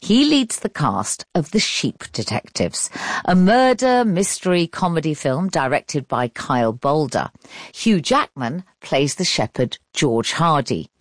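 A woman presenter reading a scripted link clearly. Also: low voice, very animated, measured pace, no echo, clean studio sound. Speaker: radio presenter.

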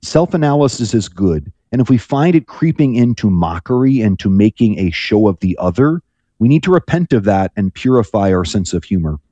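A low, mellow male voice, a priest on a radio call-in show. He talks reflectively, often restarting his sentences, and the sound is dry and close. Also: lively intonation, moderate pace, no room sound, lo-fi sound. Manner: thoughtful, rambling with frequent restarts.

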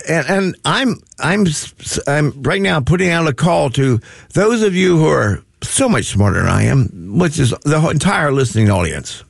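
A man's voice: fairly high pitch, sing-song, moderate pace, gravelly, breathy edge, no room sound. Rambling curmudgeonly male radio host. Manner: self-mocking curmudgeonly rambling with many restarts. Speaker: radio talk show host. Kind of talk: folksy talk radio banter.

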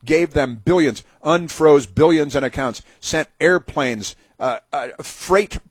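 A man's voice: on the high side, slow pace, breathy edge, no room sound. A man hosting a talk radio show, delivering a sarcastic, mocking monologue full of fillers and restarts.

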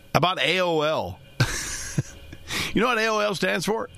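A man's voice: high voice, animated, slow, gravelly, pushed and bright. A man in the financial services trade hosting a talk show, rambling in a folksy way with chuckling asides. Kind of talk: casual monologue.

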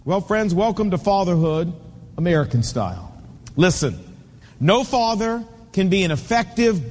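Male pastor, 50s, high voice, emphatic storytelling sermon, reverberant hall. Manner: emphatic, storytelling with repeated punchy phrases. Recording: long reverb of a large hall.

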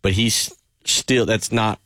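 A man's voice: on the low side, steady tone, slow pace, fairly bright tone, dry recording, studio quality. A man hosting sports talk radio, rambling loosely with many fillers.

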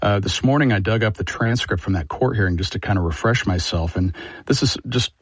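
A man with a lower-than-usual voice, speaking as a politics editor in a radio news interview. His delivery is measured and conversational, recorded close and dry with no room sound. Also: husky, no room sound.

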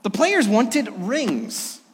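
A middle-aged male pastor preaching a Sunday sermon in a church, earnest, moving between loud emphasis and hushed, soft lines. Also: very high voice, huge pitch swings, drawn-out words, husky. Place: church sanctuary during a Sunday service. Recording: echoey sanctuary reverb.

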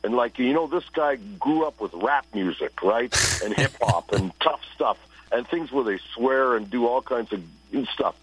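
A man's voice: medium pitch, normal speed, hardly any pauses, husky, rough recording. A man, a blues musician and radio broadcaster, telling stories in a casual interview and acting out the people he quotes. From Toronto, Canada. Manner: animated storyteller who acts out quotes.

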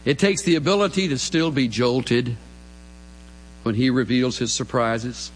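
A man preaching a sermon, lively and emphatic, with rhetorical questions and sudden rises in his voice. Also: a little slow, long reverb tail, a little hiss or hum, low-quality recording. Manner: animated, rising to emphatic highs, rhetorical questions. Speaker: pastor.

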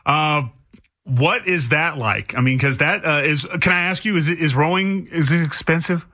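A male radio host chats casually in a bright, forceful voice. He stumbles and restarts as he asks his questions. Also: a little high, moderate pace. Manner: chatty, stumbling over questions.

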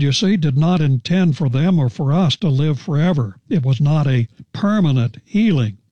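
A man teaching the Bible verse by verse on a radio program, earnest and deliberate, stressing key words. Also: on the high side, dark tone, no echo, muffled recording.

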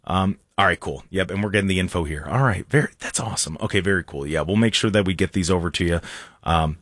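A man hosting a casual sports talk show, excitable and rambling, with a sarcastic streak. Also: low voice, fast talker, no room sound, studio quality. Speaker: sports radio host.

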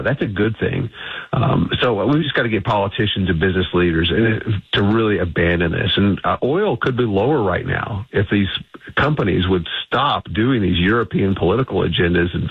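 Deep husky man on a tinny phone line. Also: dry recording. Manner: confident, emphatic advocacy. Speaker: energy think tank CEO, guest. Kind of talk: radio interview answers.

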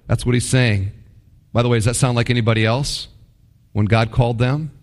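A man preaching a sermon, retelling Bible stories with animated voicing of the characters' complaints. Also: mid-range voice, fast. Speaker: pastor. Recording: long hall reverb.

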